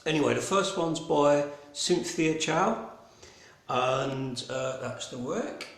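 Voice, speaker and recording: Slow and creaky, with a fairly bright tone on the high side, this man's voice carries a roomy sound. He hosts an online gallery private view in a broad Cockney accent, rambling casually with lots of ums and restarts and swearing cheerfully along the way.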